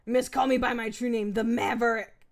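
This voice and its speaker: A woman voicing a cocky show-off schoolboy in a video game, reading his lines in a smug, bargaining way, a little lower and quieter than her own voice. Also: steady tone, a little fast, vocal fry.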